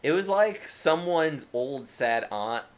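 A man's voice: a little high, expressive, takes it slowly. A man co-hosting a podcast, chatting casually about a movie with sardonic, crude humor and frequent swearing. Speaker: podcast co-host. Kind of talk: casual movie-review chat.

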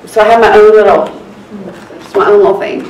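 A woman court reporter chatting with colleagues, telling animated stories and laughing often. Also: medium pitch, a little fast. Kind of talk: casual group chat. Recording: echoey room, far from mic, group chatter.

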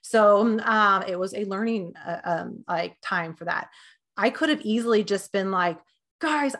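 A woman's voice: mid-range voice, measured pace, fairly bright tone. Chatty woman dietitian giving health tips. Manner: chatty, lots of fillers and acted-out quotes. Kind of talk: casual health advice talk.

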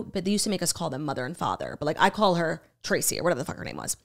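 A young adult woman co-hosting a podcast, retelling a story in casual chat, animated and swearing freely, with many "like"s. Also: fairly low pitch, fast, gravelly. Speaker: podcast co-host.

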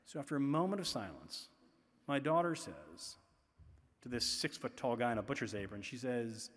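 A man's voice: medium pitch, expressive, moderate pace. A middle-aged man from the Boston area telling chatty anecdotes at a public talk, full of "you know" asides. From Boston area, USA. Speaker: author giving a festival talk. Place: large festival venue. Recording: long hall reverb in a big venue.

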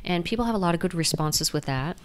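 A woman doctor answering interview questions in a lively, explanatory way, often restarting sentences. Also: lowish voice, quick pace. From United States. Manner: lively, explanatory, frequent restarts and "you know". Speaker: guest doctor.

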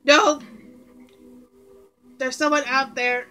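A woman commenting casually on a game she plays with friends, excitable and quick to yell in reaction. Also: high voice, soft background music. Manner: excitable, yelps and shouts in reactions. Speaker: gamer.

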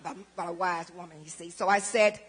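A woman's voice: lowish voice, fairly even intonation, fairly quick, breathy edge. A woman, giving a church testimony and dramatically acting out both sides of conversations. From Southern United States. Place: church sanctuary. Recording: long church hall reverb.

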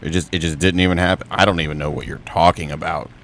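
A young man talks over his own gameplay, mostly in a lowish, muttered play-by-play. He breaks into high, jokey yelps whenever the fight turns bad. A faint hum of game engines sits under his voice. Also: fast talker. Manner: excitable, jokey, yelps high when in trouble. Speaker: gaming streamer. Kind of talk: gameplay commentary.

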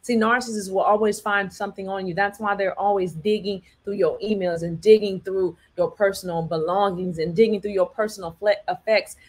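A woman's voice: medium pitch, husky. An emphatic woman speaking in a mid-range voice, holding forth like a preacher to her audience. She keeps checking in with her listeners and drives each point home by repeating it. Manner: preachy, repeats "all right" and "do you understand me", acts out quotes. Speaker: host. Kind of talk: emphatic commentary monologue.

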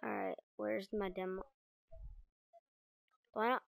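A woman giving casual gameplay commentary, chatting to her viewers and reacting quickly as she plays. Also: medium pitch, steady tone, vocal fry, no room sound, poor audio. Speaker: gaming video creator.

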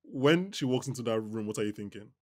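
Man co-hosting a lively TV recap. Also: mid-range voice, brisk, no room sound, studio quality. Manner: animated, laughs often, stops and restarts his sentences. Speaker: podcast co-host. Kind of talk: casual TV recap chat.

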